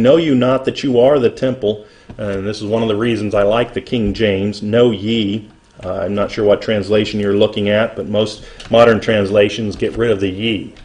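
Middle-aged male pastor, earnest sermon delivery, reads verses slowly and lifts his voice for emphasis. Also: on the low side, a little mellow. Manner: earnest preaching, reading scripture slowly and rising in emphasis.

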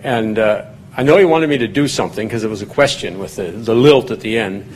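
A man's voice: fairly low pitch, a little fast, darkish tone, slight background noise. A man preaching a conversational Bible study sermon in a folksy, digressive way, lifting his voice when he reads scripture aloud. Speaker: pastor teaching a Bible study.

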